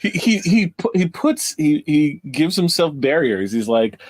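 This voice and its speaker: A man's voice: fairly high pitch, big pitch swings, a little slow, a little mellow. Guy on a podcast throwing in short comments, casual movie talk. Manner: short reactive comments and laughs. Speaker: podcast guest. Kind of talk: casual movie review chat.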